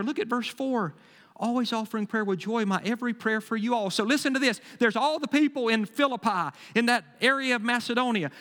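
A male pastor preaching a sermon, emphatic and folksy, swinging between loud bursts and quieter asides. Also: high voice. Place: church sanctuary. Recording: long hall reverb.

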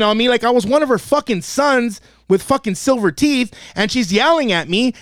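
A man with a high, bouncy voice tells a story full of swearing on a comedy podcast. He acts out everyone in it and gets worked up as he talks. He is recorded dry and close in a studio. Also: normal speed, hardly any pauses, dry recording. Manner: animated, swears constantly, acts out quotes. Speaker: podcast host and youth football coach.

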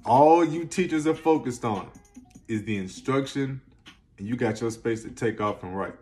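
Backed by light music, a mid-pitched motivational vlog host speaks to camera at a normal speed. He's energetic and slangy, pressing points hard and moving between loud and quiet, occasionally near tears.

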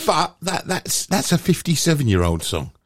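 Teasing man with a lively voice. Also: fairly high pitch, no echo, clean studio sound. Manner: teasing, quick-witted. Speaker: co-host. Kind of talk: casual banter.

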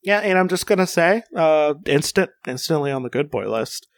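Excited rambling young man, dry sound. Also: fairly high pitch, moderate pace, no room sound. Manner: enthusiastic, rambling with many restarts. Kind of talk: casual chat.

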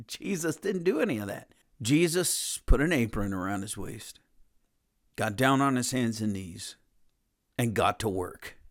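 A man's voice: medium pitch, expressive, measured pace. A man preaching a conversational sermon in an earnest, plain-spoken way, often repeating and restarting his phrases.

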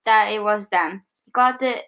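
A woman reading a story aloud haltingly, stumbling and restarting lines. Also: mid-range voice, sharp tone. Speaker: co-reader of the story.

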